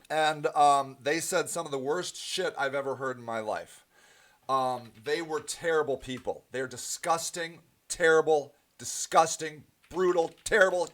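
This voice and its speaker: A man with a high-pitched voice hosts a livestream and rants to his viewers. He is angry and swears often, breaking off into ums and restarts as he answers their comments. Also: fairly bright tone. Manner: profane, angry and emphatic, with frequent ums and restarts. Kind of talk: ranting livestream monologue.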